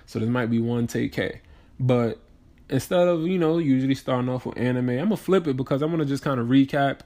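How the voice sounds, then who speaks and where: A man's voice: mid-range voice, a little fast. Tired, rambling New man podcasting. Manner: rambling and slangy, with many restarts and shout-outs. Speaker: podcast host. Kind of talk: casual solo podcast monologue.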